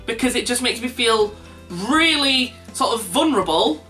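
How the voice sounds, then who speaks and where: A young man recounts an awkward encounter in a casual vlog, poking fun at himself as he goes. His voice is bright and his pitch swings widely with every punchline. He sits back from the mic, and soft music plays underneath. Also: moderate pace. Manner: animated, self-mocking, laughs at own jokes. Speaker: vlogger. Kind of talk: casual anecdote storytelling. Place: indoors at home. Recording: distant mic with faint background music.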